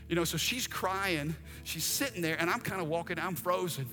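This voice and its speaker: High, bright-voiced preaching pastor. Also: male voice, normal speed. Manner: animated preaching with acted-out asides and humor. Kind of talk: sermon. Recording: long reverb, faint music behind.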